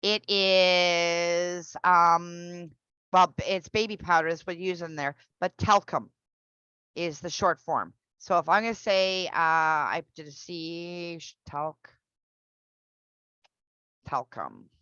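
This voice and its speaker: Female pronunciation teacher, patient and unhurried, on a dull video call. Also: lowish voice, fairly even intonation, pushed and bright, clear, resonant tone, no room sound. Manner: patient, explains slowly with repeated examples. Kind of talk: online class teaching.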